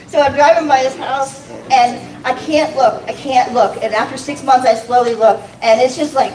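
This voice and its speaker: A stand-up comic with a high-pitched, expressive, slightly mellow voice speaks at a moderate pace onstage at a comedy club, running herself down, cursing, and laughing at her own jokes. A faint crowd is audible in the noisy recording, made from far off in an echoey room.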